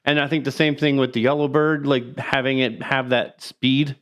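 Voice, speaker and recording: Man, podcast co-host, casual chat, halting, repeats words, middle-pitched voice. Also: little pitch movement, fairly bright tone, muffled recording.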